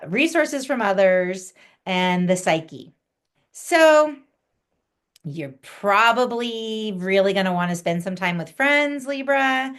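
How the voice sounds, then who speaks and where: Chatty woman giving astrology forecasts. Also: mid-range voice. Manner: chatty, acts out quoted reactions. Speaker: intuitive astrologer, podcast guest. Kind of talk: casual podcast astrology forecast.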